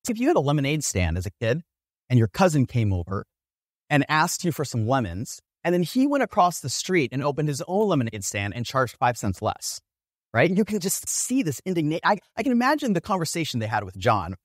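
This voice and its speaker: A man preaching a sermon in a church, in a conversational manner with lively storytelling. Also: fairly high pitch, brisk, no room sound, studio quality. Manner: conversational, animated storytelling with vivid examples.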